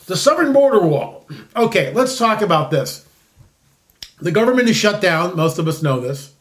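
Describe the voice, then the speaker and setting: A man's voice: sits high, a bit bright. A man in his sixties hosting a commentary show, talking in a rambling, emphatic way with many restarts. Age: 60s. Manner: rambling, with frequent restarts and repeated words; emphatic, disclaiming. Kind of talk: opinionated casual commentary.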